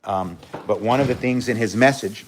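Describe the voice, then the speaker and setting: A man's voice: lowish voice, moderate pace, slight background noise. A man hosting a casual livestream, reading out viewer comments and talking bluntly and candidly, cursing freely and speaking with emotion. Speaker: livestream host.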